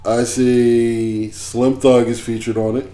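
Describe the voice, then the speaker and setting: A man on a casual podcast who mostly chimes in with short, offhand replies and ribs his co-host. His middle-pitched voice echoes around a bare room. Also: level tone, slow pace, warm tone.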